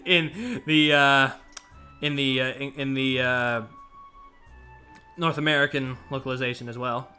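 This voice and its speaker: A man's voice: mid-range voice, fairly even intonation, a little slow, long pauses, pushed and bright, faint music behind. A man streaming a video game, chatting in giggly, rambling asides. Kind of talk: live game stream commentary.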